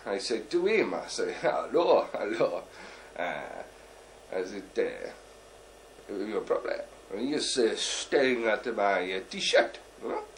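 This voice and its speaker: A bumbling, boastful deep sea diver, played by a man spins his tale in broken, halting English and keeps stopping for "uh" and "you know". His voice swoops up and down with lively pitch as he rambles along. There is a faint hiss behind him. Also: exaggerated voice. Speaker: comic storyteller. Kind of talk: character stand-up monologue.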